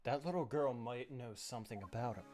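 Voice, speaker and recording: Man thinking aloud over loud game music. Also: medium pitch, a little fast. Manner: thinks aloud about next moves. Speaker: game player. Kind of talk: casual play-through chat.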